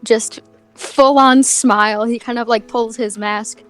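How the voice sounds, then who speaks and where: A woman's voice: a little high, steady tone, measured pace, a bit bright, soft background music. A woman playing a tabletop game, describing her character's actions in a hesitant way with many fillers and giggles. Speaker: player.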